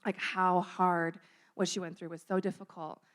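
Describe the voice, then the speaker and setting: A woman's voice: fairly low pitch, little pitch movement, normal speed. A young woman giving a casual, chatty sermon in a church room, saying "like" a lot and acting out little scenes. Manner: chatty, says "like" often, acts out little scenes. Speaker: youth speaker at church.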